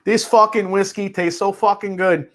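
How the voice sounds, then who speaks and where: A man putting on a profane, gushing Jersey mobster, higher-pitched. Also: level tone, a little fast, fairly bright tone. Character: foul-mouthed male New Jersey mobster raving about whiskey.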